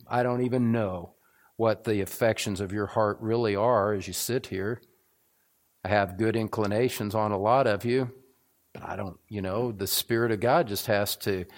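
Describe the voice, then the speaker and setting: A man's voice: lowish voice, steady tone, normal speed. An older man preaching a sermon as a pastor in an evening church service, earnest and building to emphatic repetition.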